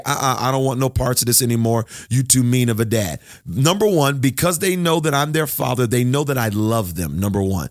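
A man preaching a sermon as a pastor, emphatic, slowing down and drawing out key phrases. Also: medium pitch, no room sound, studio quality.

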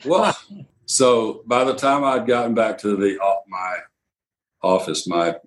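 An older man, a radio executive telling anecdotes in an interview, quoting others in lively bursts. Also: lowish voice, a little slow, rough recording. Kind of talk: storytelling interview.

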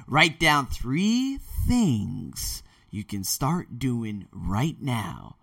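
Bright-voiced man giving a blunt pep talk. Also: medium pitch, no echo, recorded from a distance. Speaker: podcast host. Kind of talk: motivational podcast monologue.

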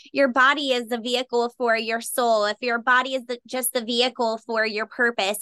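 A woman's voice: on the high side, fairly bright tone, no room sound. A woman hosting a podcast interview, gushing with enthusiastic praise for her guest. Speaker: podcast host. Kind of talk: casual interview chat.

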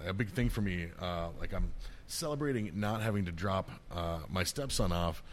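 Middle-aged male podcast co-host, slightly low voice, profane rants, quick to laugh. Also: a little hiss or hum. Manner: heavy swearing, ranting, laughs a lot. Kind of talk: casual chat.

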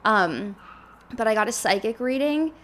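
A woman's voice: fairly high pitch, expressive, measured pace, a bit bright. A woman in her twenties hosting a podcast, chatting casually and rambling with lots of filler words. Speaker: podcast host.

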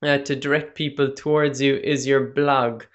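A man's voice: medium pitch, little pitch movement, normal speed. A man hosting an interview show, wrapping up with encouraging remarks to his guest. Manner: encouraging, brief affirmations. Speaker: podcast host. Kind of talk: casual interview chat.

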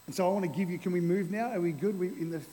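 A man preaching a lively, playful sermon to a congregation, using an object lesson. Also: high-pitched, rapid-fire, big-room sound, poor audio. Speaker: pastor. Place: church hall before a congregation.

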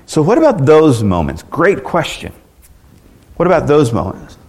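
A man's voice: fairly high pitch, huge pitch swings, normal speed, darkish tone. A man pastor teaching a church class in an earnest, conversational way, asking the group questions and often restarting his words.

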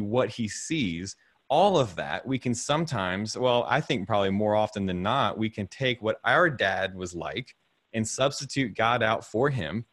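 Over a video call, a podcast host in his thirties rambles casually about faith and fatherhood, chuckling often and repeating words. His voice is medium-pitched and a bit bright, with no echo.

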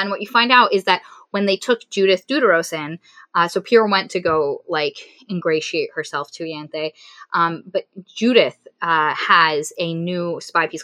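A woman casually recapping a novel's plot as a podcast co-host, animated and acting out the characters' lines. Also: lowish voice, no room sound. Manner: animated retelling with quoted voices. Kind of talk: casual chat.

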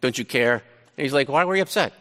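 A man preaching a sermon, paraphrasing scripture in a conversational, animated way with frequent restarts. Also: mid-range voice, fast talker, big-room sound. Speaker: pastor.

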